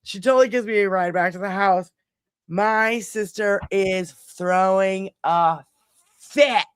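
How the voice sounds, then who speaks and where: A middle-aged woman hosting a podcast, telling a long story in a casual, animated way, swearing freely and rambling. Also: mid-range voice, takes it slowly, clear, resonant tone, dry recording, clean studio sound. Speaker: podcast host.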